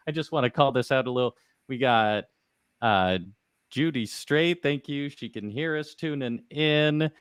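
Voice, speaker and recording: A man's voice: medium pitch, a little slow, smooth, dry recording. A man hosting a live online workshop, upbeat and chatty, greeting viewers and reading their comments aloud. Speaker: event host.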